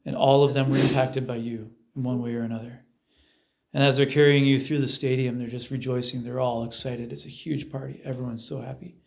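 A man's voice: medium pitch, level tone, fairly quick, vocal fry, a little mellow. Man leading a vivid guided meditation. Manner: conversational, vivid storytelling, acts out crowd chants and voices.

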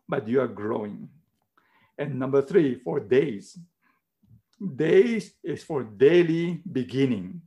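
Male preacher, middle-aged, slow, gravelly, emphatic, repeats key words. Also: medium pitch, mellow. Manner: non-native English, simple phrasing. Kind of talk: sermon.

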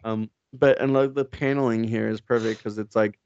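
Gravelly man rambling excitedly. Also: lowish voice, moderate pace, no echo, lo-fi sound. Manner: rambling, excitable, swears a lot, many fillers. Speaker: podcast co-host. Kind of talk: casual chat recapping comics.

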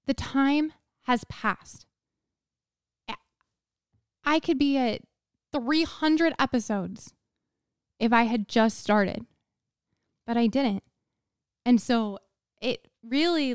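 A woman's voice: a little high, clean tone, no echo, studio quality. Earnest chatty woman podcast host. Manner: earnest, chatty, acts out her own inner voice. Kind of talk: motivational solo podcast monologue.

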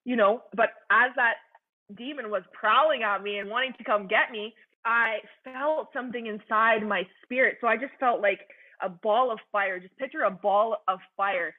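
A woman's voice: on the high side, normal speed. Young woman telling her faith story, all heart and fervor, lots of "like" and "you know", sounds like it's over a phone line. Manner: earnest and fervent, heavy use of "like" and "you know". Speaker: person sharing her faith testimony. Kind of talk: emotional personal testimony.

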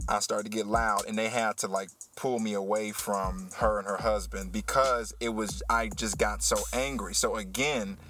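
Man, low pitch, podcast host, teacher, animated storytelling, faint music behind. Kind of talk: casual podcast chat.

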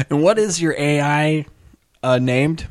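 A man's voice: a little high, slow. A man hosting a comedy podcast, asking questions and laughing easily in casual banter. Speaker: podcast host.

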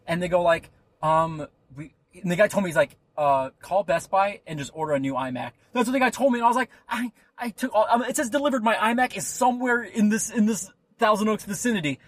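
A young man hosts a podcast, his husky voice sitting at a fairly high pitch. He rambles through a story in casual conversation, animatedly acting out the people in it.

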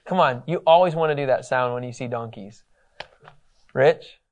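A man teaching a Bible class, telling the story with animated, joking delivery. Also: mid-range voice, moderate pace.

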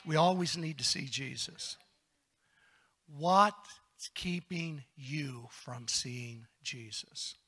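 High, bright-voiced preaching pastor. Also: male voice, extremely slow, breathy edge. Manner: preaching with call-and-response, swings from hushed to shouting. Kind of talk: sermon.

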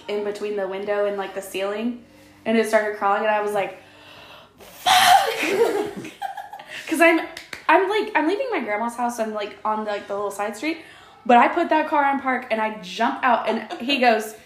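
A woman's voice: medium pitch, animated, moderate pace, a little hiss or hum. A woman in her thirties hosting a casual podcast interview, telling stories with a laugh and lots of fillers. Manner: chatty, laughing storyteller with many fillers. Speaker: podcast host. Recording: echoey room.

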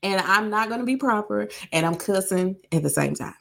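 Woman, 30s, South Carolina Southern accent, big voice, animated emphatic storyteller for a casual podcast. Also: mid-range voice, a little fast, creaky. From Greenwood, South Carolina. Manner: animated, emphatic, repeats lines for effect. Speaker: podcast co-host.

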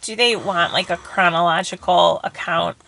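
A woman's voice: on the low side, moderate pace, vocal fry, pushed and bright, low-quality recording. A woman chatting on a podcast with her husband, dryly correcting his stories. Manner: dry, skeptical, correcting. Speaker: guest, host's wife. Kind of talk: casual podcast chat.

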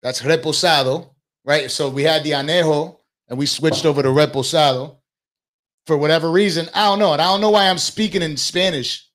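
Young guy hosting a chat show, loud and joking, swears a lot, kinda high voice. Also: brisk. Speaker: podcast host. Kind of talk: casual chat.

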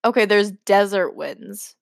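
A woman's voice: mid-range voice, unhurried, gravelly, no echo, studio quality. A young woman hosting a podcast, reading her old stories aloud and breaking off with giggling, self-mocking asides. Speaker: podcast host.

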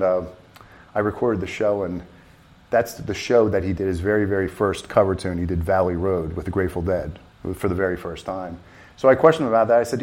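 Rambling low-voiced man telling a story. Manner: rambling, animated anecdote telling with many restarts. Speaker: festival volunteer driver. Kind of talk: storytelling in an interview.

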